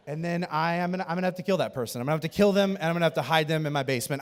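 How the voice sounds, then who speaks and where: Fast-talking high-voiced male preacher. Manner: animated storytelling, acting out quoted people. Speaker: pastor. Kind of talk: sermon. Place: church auditorium. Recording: church hall reverb.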